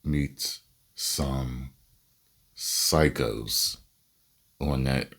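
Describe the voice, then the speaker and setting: A man's voice: rumbling low, slow pace, pauses often. A man hosting a reaction video, chatting casually with laid-back, amused, blunt asides.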